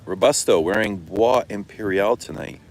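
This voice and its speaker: Speaking at a moderate pace in a voice on the low side, a middle-aged Canadian man runs a casual livestream about perfume, responding to viewer comments. This fragrance vlogger tells animated stories, swears freely and laughs often, though the recording quality is low.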